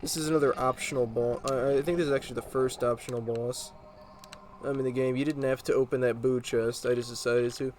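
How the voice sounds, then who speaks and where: A man casually commenting on his video game playthrough, relaxed and rambling with plenty of fillers. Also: mid-range voice, brisk, slight background noise, rough recording. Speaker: let's play host. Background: game music.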